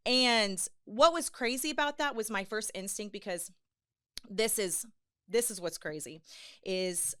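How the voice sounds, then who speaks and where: A woman sharing a personal faith testimony on a podcast, earnest and animated, with many fillers. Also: mid-range voice, smooth. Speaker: podcast guest. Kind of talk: personal testimony in casual chat.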